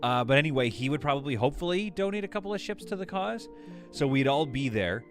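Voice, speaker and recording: A man's voice: fairly high pitch, expressive, fast, a bit bright, soft background music. A man streaming a game live, rambling and joking as he thinks aloud while building. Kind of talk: casual live gameplay commentary.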